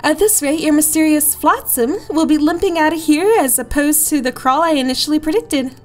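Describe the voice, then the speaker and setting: A blunt, grumpy nurse, read by a woman who speaks in a dry, curt way. The voice sits fairly high. She has no patience for a patient without answers. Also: a little fast, a little mellow, soft background music, natural voice.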